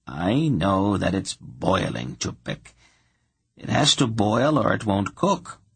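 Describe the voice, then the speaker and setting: A reclusive swamp witch, calm and faintly bitter, speaking slowly in a deep, husky voice, as a male audiobook reader puts her on. Her tone stays flat and neutral, with a gravelly edge. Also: no echo, exaggerated voice. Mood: calm, wry. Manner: measured, strangely neutral, slow.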